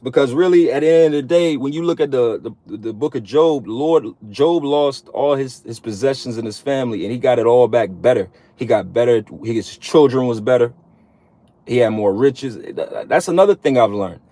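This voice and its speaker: A man's voice: medium pitch, normal speed, dark tone, dry recording. Profane, preachy man in a dry room. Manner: profane, repetitive, streetwise slang. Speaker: online preacher addressing men. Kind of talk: casual preachy monologue.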